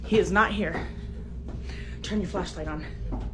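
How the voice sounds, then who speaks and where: A middle-aged woman filming inside her home on a handheld phone, talking to viewers in a breathless, alarmed, often hushed way. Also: lowish voice, normal speed. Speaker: homeowner filming her house. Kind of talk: frightened phone video to viewers. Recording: noisy home phone recording.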